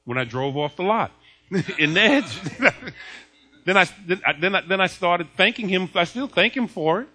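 A man preaching a sermon, animated and laughing often as he acts out the scenes. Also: high voice, a little slow, breathy edge.

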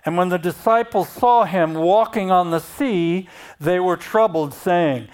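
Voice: mid-range voice, unhurried, darkish tone, smooth. A preacher giving a sermon, reading scripture aloud and then explaining it and repeating key phrases.

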